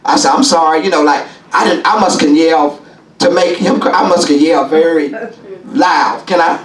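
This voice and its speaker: A man's voice: fairly high pitch, normal speed. A man preaching at a Bible study as bishop, calling out questions to the congregation and repeating himself. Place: church sanctuary. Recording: echoey church from a distance with congregation. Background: congregation murmuring.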